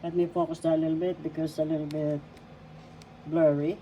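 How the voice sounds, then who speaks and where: A woman teaching a language lesson, repeating each word slowly and spelling out syllables. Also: sits low, little pitch movement, warm tone, a little hiss or hum, poor audio. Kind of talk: slow spoken language lesson.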